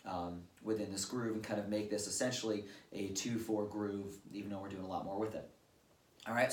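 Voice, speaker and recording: Lowish-voiced man teaching drums, roomy. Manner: patient, step-by-step explaining with casual fillers. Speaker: drum teacher. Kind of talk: instructional drum lesson. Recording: roomy, distant-mic recording with drums. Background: drum kit played at times.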